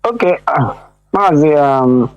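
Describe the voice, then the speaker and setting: A halting man calls in over WhatsApp, pausing often on "uh" and "um". The sound is dull and muffled, with little high end. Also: expressive, clear, resonant tone, faint music behind. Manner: hesitant, halting. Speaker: caller. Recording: dull WhatsApp call audio.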